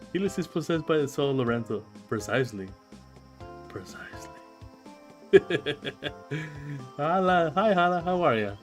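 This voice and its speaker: A man chatting casually on a friend's stream, relaxed and easygoing, filling in with "you know". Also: fairly high pitch, unhurried, long pauses, faint music behind. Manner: relaxed, laid-back, fills in with "you know". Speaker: co-host friend. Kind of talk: casual chat.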